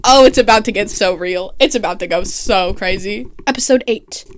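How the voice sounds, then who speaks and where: A young woman casually recapping a TV plot, excitable, swearing and laughing as she goes. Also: mid-range voice, moderate pace. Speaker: recap vlogger. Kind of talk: casual plot recap with comic voiced quotes.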